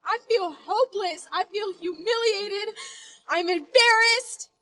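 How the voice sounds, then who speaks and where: A woman crying as she speaks in an emotional confession video, breaking into shouts. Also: very high-pitched, takes it slowly, poor audio. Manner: tearful, shouting outbursts.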